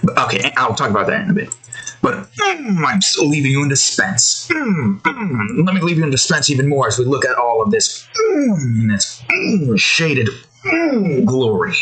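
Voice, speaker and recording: A man's voice: mid-range voice, pushed and bright, husky, rough recording. A man giving casual, rambling commentary while he draws. He breaks off often with fillers and restarts. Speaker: artist and video creator.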